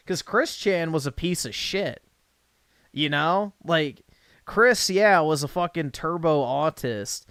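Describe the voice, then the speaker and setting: Man streamer, crisp clear voice, dry close sound, casual cursing commentary. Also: fairly high pitch, dry recording. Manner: laughing, profane, animated asides. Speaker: livestream host reacting to a clip.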